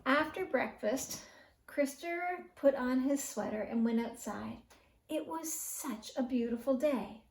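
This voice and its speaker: A woman reading a children's bedtime story aloud in an expressive storyteller's manner. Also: high-pitched, creaky, distant mic, slight background noise. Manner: slow, expressive read-aloud. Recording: roomy echo.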